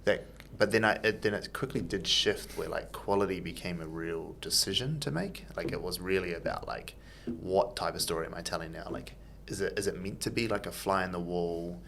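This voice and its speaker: A man hosting a podcast in a casual chat. His voice sits low and gravelly, and his questions ramble along with fillers and restarts. A faint hiss runs under the recording. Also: fairly quick, hardly any pauses, fairly bright tone. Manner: loose, filler-heavy questions with many restarts. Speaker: podcast host.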